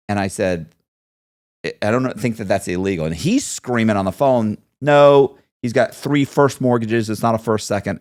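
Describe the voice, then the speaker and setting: A man's voice: fairly low pitch, dry recording, clean studio sound. A man guest in an interview, telling a long story and acting out the voices of others in it. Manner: animated storyteller, acts out quoted voices. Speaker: podcast guest.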